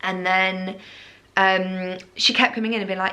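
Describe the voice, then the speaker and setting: A woman's voice: mid-range voice, flat delivery, unhurried, bright, forceful tone. A young woman vlogger telling her birth story in casual chat, rambling with lots of "like" and "um". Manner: chatty, rambling, full of "like" and "um".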